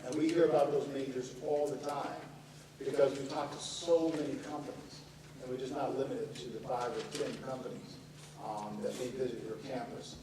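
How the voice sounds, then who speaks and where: A man's voice: medium pitch, fairly even intonation, moderate pace, background noise. A middle-aged man, a company CEO, giving a conversational storytelling speech to students. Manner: storytelling, conversational, some restarts. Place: university lecture hall. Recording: echoey hall, distant mic, audience. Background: audience.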